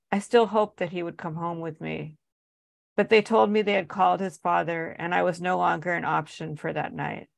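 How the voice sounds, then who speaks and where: A woman with a lowish voice and a gravelly, fry-edged texture reads from her memoir. She delivers it earnestly and with strong emotion. The sound is close and dry. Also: no echo. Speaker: author reading her own work. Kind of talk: reading a memoir aloud.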